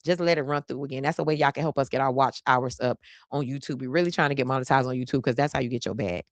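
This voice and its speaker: A chatty, playful woman hosts a live stream, speaking to her viewers in a low voice and saying y'all at every turn. The sound is dry and close. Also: fast, no echo. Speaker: host of a live stream show. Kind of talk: casual live stream chat.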